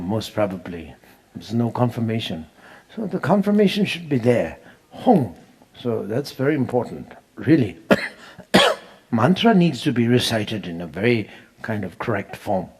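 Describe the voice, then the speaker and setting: A man's voice: mid-range voice, darkish tone. Guy with teaching mantra pronunciation, chants and laughs a lot, easygoing. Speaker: Buddhist teacher.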